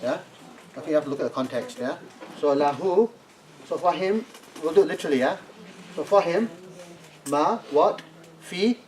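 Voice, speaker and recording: A man's voice: fairly high pitch, normal speed, pauses often, a little mellow. A man teaching a classroom lesson who keeps asking "yeah?" and prompts his students to translate. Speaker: Arabic teacher. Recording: distant classroom recording, faint noise.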